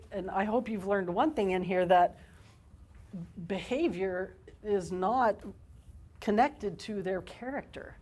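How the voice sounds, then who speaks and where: A woman giving a live parenting workshop to an audience, talking in an energetic, animated way and laughing often. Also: mid-range voice.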